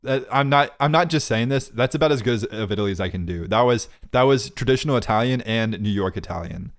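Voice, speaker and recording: A young man in his twenties co-hosts a casual podcast. He talks in a loose, rambling way and riffs on silly bits. He laughs often at his own jokes in a mid-pitched voice. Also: quick pace. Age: 20s. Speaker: podcast co-host. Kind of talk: casual chat.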